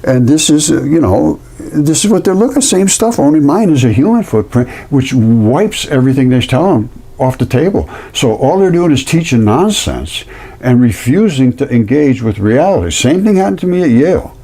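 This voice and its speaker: Speaking at a normal speed in a mid-range voice, a man presents fossils as an amateur in a laid-back vlog, holding up specimens. His storytelling is animated and indignant, and he keeps circling back to repeat himself.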